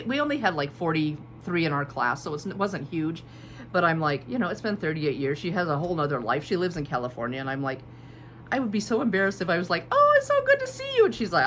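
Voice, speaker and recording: Chatty woman in her fifties, lowish voice. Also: a bit bright. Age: 50s. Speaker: quilting channel host. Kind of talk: casual chat showing fabric. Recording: faint background hum.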